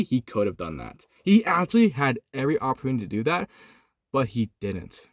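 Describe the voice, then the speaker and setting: A young man recording in his van, casually retelling a Bible story, swinging from excited to hushed and solemn. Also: medium pitch, no echo, studio quality. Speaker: host. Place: inside a van.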